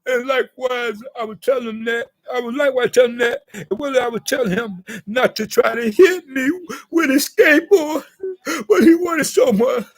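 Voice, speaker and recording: A man putting on a rambling, tearful, self-pitying young man in a satirical impression monologue on his vlog, stammering through repetitions and drawn-out pleading. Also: very high voice. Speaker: vlogger.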